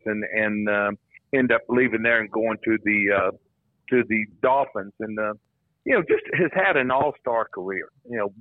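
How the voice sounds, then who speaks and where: An older man calls in to a radio show and tells a long story, tripping over and repeating his words as he goes. His voice sits at a middling pitch. It comes through a tinny, dry phone line. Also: dry recording. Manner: rambling, repeats words as he talks. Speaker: former college football coach, guest.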